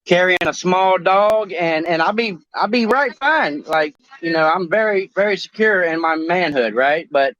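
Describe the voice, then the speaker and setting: A man co-hosting a talk show in crude casual chat, rambling and halting, swearing often. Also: sits high, lively intonation, fairly bright tone. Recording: dry, dull lo-fi sound.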